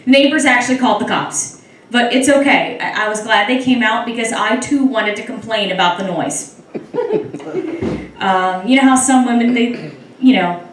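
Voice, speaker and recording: A woman's voice: medium pitch, fairly bright tone, recorded from a distance, slight background noise. Wry young woman doing stand-up in an echoey room. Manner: wry, conversational, crowd-teasing. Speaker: stand-up comedian. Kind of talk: stand-up comedy set. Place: club stage with live audience. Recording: echoey room, mic heard from afar.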